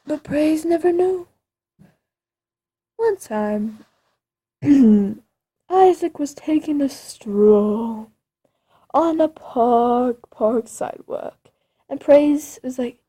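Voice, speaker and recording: A woman's voice: high-pitched, animated, drawn-out words, pauses often, warm tone. A woman improvising a spooky story in a rambling, dramatic way with creepy asides.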